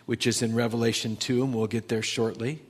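A man's voice: mid-range voice, little pitch movement, a little fast, husky. A man preaching a sermon in a conversational storytelling way, acting out the people in his stories. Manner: conversational, storytelling, acts out quotes. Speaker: pastor.

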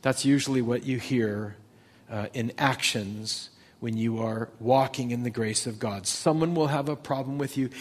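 A man's voice: medium pitch, slightly rough. Conversational male pastor telling stories. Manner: conversational, storytelling, acts out quotes. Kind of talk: sermon.

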